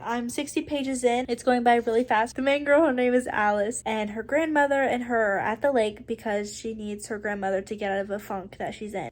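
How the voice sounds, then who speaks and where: A young woman chatting excitedly in a casual book vlog, gushing over what she reads, with gasps and laughs. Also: fairly high pitch. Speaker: book vlogger. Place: home at night.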